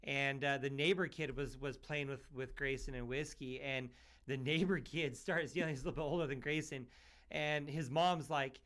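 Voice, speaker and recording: A man who hosts a podcast and works as a paramedic, telling stories in a loose, animated way with lots of "you know" and "like". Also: mid-range voice, normal speed. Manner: animated storyteller, full of fillers like "you know" and "like". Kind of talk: casual chat, telling stories.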